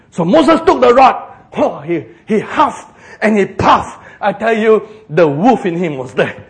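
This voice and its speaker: Animated male preacher with a Singaporean English accent, fairly high voice, jokey sermon delivery. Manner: animated, joking, slows for emphasis.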